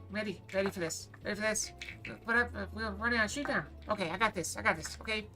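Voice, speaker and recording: A woman chatting quickly and playfully to her live-stream viewers while gaming, sometimes reading game lines aloud. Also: medium pitch, bright, forceful tone, soft background music. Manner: fast-talking, bubbly, apologizes for talking too fast; reads game dialogue aloud.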